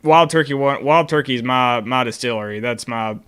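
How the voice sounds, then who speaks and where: Guy co-hosting a whiskey show, rambly stories, clear smooth voice. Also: mid-range voice, moderate pace, fairly bright tone. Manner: rambling, self-interrupting storyteller. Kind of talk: casual chat.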